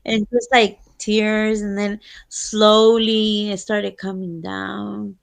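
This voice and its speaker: Latina podcast co-host, slow and kinda gravelly, swears a lot, drops in. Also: female voice, mid-range voice, flat delivery. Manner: candid, profane, switches into Spanish. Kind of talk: casual chat.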